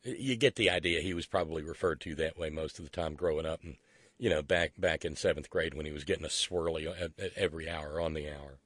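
A man's voice: extremely low pitch, quick pace, a bit bright, no echo. A man hosting a political talk radio show, sarcastic and profane, who stumbles into restarts.

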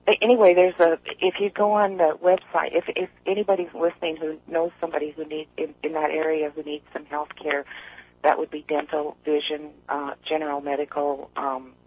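A woman from East Tennessee calling into a radio show, chatty and rambling, quick to laugh. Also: deep voice, flat delivery, slightly rough. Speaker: caller. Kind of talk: casual call-in chat. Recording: tinny phone line.

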